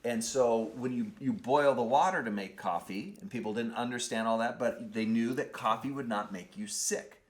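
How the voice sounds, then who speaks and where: A man's voice: mid-range voice, moderate pace, few pauses. A man hosting a podcast, talking casually with many fillers and restarts. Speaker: podcast host.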